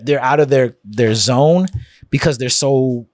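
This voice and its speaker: A man's voice: mid-range voice, measured pace, dry recording. Chatty man, close dry podcast sound. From East Oakland, California. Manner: animated storyteller, many fillers and restarts. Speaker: comedian guest. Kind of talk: casual podcast chat.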